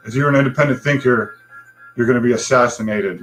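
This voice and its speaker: A man's voice: medium pitch, fast talker, a bit bright, faint music behind. A man hosting a livestream talk show, ranting bluntly with frustration and swearing.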